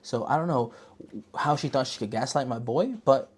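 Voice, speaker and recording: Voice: mid-range voice, normal speed, breathy edge. Slangy rambling podcast host. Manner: slangy, rambling, animated storytelling. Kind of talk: casual movie review chat.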